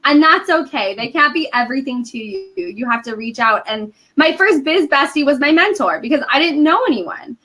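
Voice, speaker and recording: A woman guest in a casual podcast chat, telling stories in a chatty, animated way with lots of "like". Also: high voice, normal speed, hardly any pauses. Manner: chatty, animated storytelling with frequent "like" and laughs.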